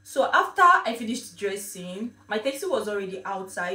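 A woman's voice: mid-range voice, normal speed, a little hiss or hum. Chatty woman in an echoey kitchen. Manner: chatty, animated storytelling, repeats herself. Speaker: vlogger. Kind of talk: casual vlog chat. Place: home kitchen. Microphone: phone camera. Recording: echoey room, mic at a distance.

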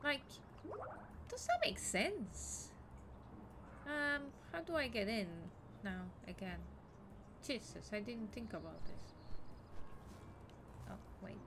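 A woman streaming a video game, chatting excitedly, swearing and talking to the characters on screen. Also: a little high, a little slow, pauses often, heavy background noise. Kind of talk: casual game commentary.

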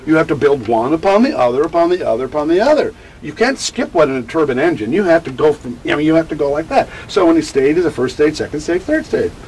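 A man who teaches about grief, answering interview questions in an animated, digressive way and acting out quotes. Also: fairly high pitch, fast, few pauses, slight background noise, poor audio. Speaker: grief educator.

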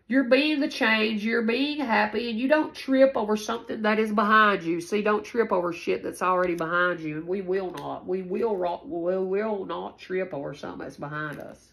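A woman's voice: mid-range voice, moderate pace, gravelly, hardly any pauses, fairly bright tone, low-quality recording. A woman giving a casual spoken tarot reading, rambling and repeating herself, with frequent swearing. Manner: rambling, repetitive and profane. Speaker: tarot reader.

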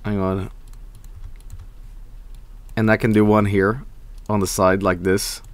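A man's voice: lowish voice, level tone, slow, no room sound. A young man streaming, chatting casually and reading viewer messages, rambling and swearing, often breaking into laughs.

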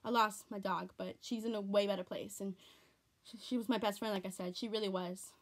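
On the verge of tears, a teenage vlogger talks casually at home with a brisk pace, medium pitch and fairly even intonation. She rambles and says things over again, clearly in earnest.

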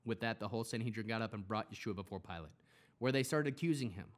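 A man reading scripture aloud, steady, with occasional self-corrections. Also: fairly low pitch, fast talker. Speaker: Bible reader.

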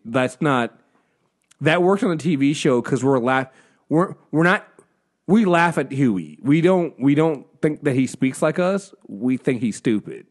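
A man's voice: mid-range voice, lively intonation, measured pace. A man hosting a podcast in casual chat, rambling, swearing freely and laughing often. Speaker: podcast host.

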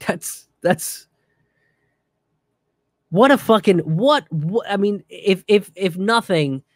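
A man giving a casual, profane commentary rant in an animated way. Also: fairly high pitch, dry recording, studio quality.

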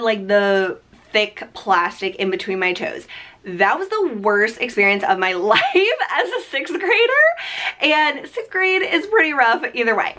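A woman's voice: medium pitch, fairly bright tone. A young woman with a nasal, allergy-stuffed voice, chatting casually about her favorite products in a rambling way. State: congested from allergies. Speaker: beauty vlogger. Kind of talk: casual chat.

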